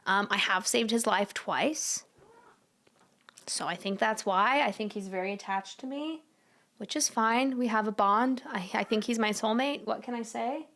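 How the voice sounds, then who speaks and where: A woman's voice: fairly high pitch, unhurried, a bit bright. A young woman casually chatting with viewers on a livestream from home, giggly and slangy, often cooing at her cat. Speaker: livestream host.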